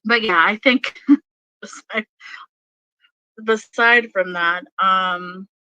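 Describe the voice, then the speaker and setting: A woman's voice: medium pitch, drawn-out words, pushed and bright, lo-fi sound. A woman giving a casual tarot reading who rambles with many fillers and laughs often. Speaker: tarot reader.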